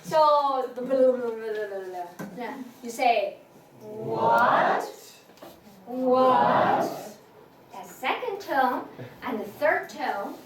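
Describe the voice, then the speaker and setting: High-pitched, unhurried woman teaching tones. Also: animated. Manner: patient, demonstrating tones aloud, with frequent fillers. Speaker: Chinese language teacher. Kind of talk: classroom teaching. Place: classroom. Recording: echoey room from far off, noisy.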